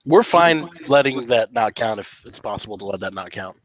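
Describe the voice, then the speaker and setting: A man's voice: fairly low pitch, lively intonation, moderate pace, a bit bright. A man playing in a trivia quiz, giving answers in the form of questions. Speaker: quiz contestant.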